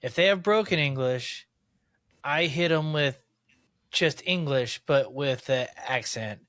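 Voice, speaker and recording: Dry-sounding man cracking deadpan jokes. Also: a little high, no room sound. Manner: quick deadpan one-liners. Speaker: podcast co-host. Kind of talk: casual podcast banter.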